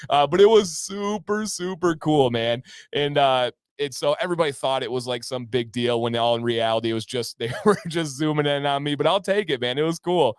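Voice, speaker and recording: A man's voice: fairly high pitch, a little fast, hardly any pauses, clean tone, dry recording, studio quality. A man hosting a casual livestream, talking enthusiastically and reading out viewers' names. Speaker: livestream host.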